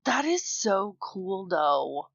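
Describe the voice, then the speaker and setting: A woman's voice: mid-range voice, very animated, drawn-out words, creaky, breathy edge, no echo, lo-fi sound. A woman co-hosting a podcast, earnestly explaining beliefs and then telling a personal story in a casual way. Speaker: podcast co-host.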